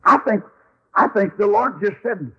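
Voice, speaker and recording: Husky folksy preacher on old radio. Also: male voice, high-pitched, lively intonation, a little slow, lo-fi sound. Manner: folksy, emphatic, storytelling. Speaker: Baptist preacher. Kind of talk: sermon.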